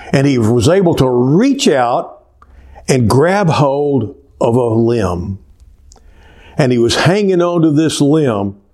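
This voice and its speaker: A man's voice: mid-range voice, darkish tone. A man preaching a sermon as pastor, telling stories with emphatic repetitions and sometimes dropping to a near whisper.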